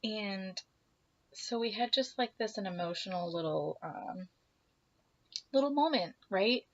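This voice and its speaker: A woman's voice: medium pitch, a little slow. A young woman chats to her camera, telling a personal story and acting out both sides of a conversation, sometimes dropping into whispers. She sounds a little emotional and teary. The recording is slightly dull and lo-fi. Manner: animated, acts out dialogue, drops to whispers. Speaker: vlogger.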